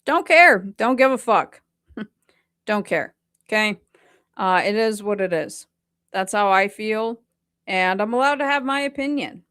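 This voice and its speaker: A woman's voice: mid-range voice, unhurried, long pauses, a bit bright, clean tone. A woman hosting a casual reaction commentary, talking bluntly and defiantly with plenty of swearing. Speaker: host.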